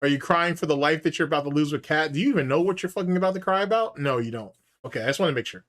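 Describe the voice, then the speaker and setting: A man's voice: fairly high pitch, racing, a bit bright. A man giving casual, profane commentary as host, mocking and taunting with frequent laughter.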